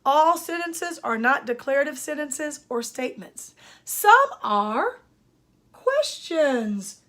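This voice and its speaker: Older female speech therapist, high voice, emphatic teacherly delivery. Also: big pitch swings, takes it slowly, a bit bright. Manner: emphatic, teacherly, addresses parents and students directly. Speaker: speech-language pathologist. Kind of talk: instructional lesson talk.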